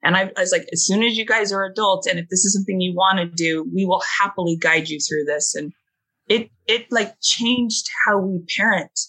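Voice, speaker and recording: A woman in her forties tells a family story as a podcast guest, heartfelt and full of fillers. Her voice is bright and forward, with a husky edge. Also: mid-range voice, fairly quick, low-quality recording. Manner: heartfelt, many fillers, quotes her kids. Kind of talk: emotional storytelling in a podcast chat.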